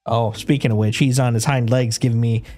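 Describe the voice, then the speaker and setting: A man's voice: medium pitch, steady tone, fairly quick, warm tone, faint music behind. A man chatting casually on his game livestream. He rambles with restarts and laughs, and coos at his dog in doting baby talk. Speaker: game streamer.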